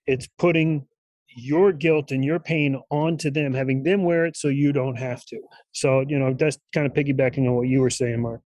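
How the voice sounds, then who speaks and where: A man's voice: medium pitch, a little mellow, no room sound, poor audio. Thoughtful man, dry close sound. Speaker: group member. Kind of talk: casual talk on a group call.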